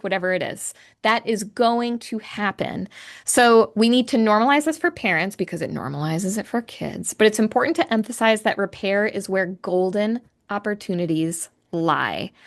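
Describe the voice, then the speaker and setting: A woman therapist hosts a solo educational podcast, her voice sitting at an ordinary middle pitch. She walks listeners through ideas in an earnest, explanatory way, thinking aloud with restarts and quick self-corrections. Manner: earnest, explanatory, teaching step by step. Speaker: podcast host and creative arts therapist.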